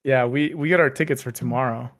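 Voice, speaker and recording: Chatting casually on a podcast he co-hosts, this man talks fast in a medium-pitched, slightly bright voice. His speech is full of fillers and false starts.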